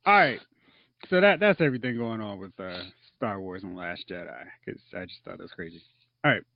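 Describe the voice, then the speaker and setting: A man's voice: lowish voice, expressive, brisk, creaky, no room sound. A man hosting a casual movie podcast, leading the segments in a loose, chatty way with filler words. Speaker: podcast host. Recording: dull, dry sound.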